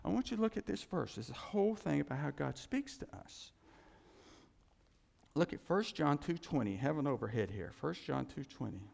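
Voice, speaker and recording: Man, pastor, sermon, lively swooping delivery, gravelly edge, long reverb of a church hall. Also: fairly high pitch, moderate pace. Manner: animated, repeats phrases, acts out quoted thoughts.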